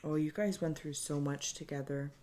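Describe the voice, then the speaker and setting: Woman, spiritual reader, deep voice, faint hum behind, halting and earnest. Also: steady tone, a little mellow. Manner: halting and searching, with frequent restarts. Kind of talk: improvised intuitive reading to camera.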